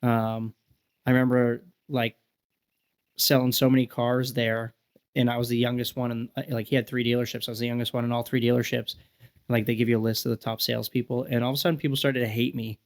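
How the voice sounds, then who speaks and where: Gravelly man, about forty, podcast guest; animated, foul-mouthed storyteller. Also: medium pitch, fast talker. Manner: profane, animated storyteller acting out quotes. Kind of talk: casual storytelling chat.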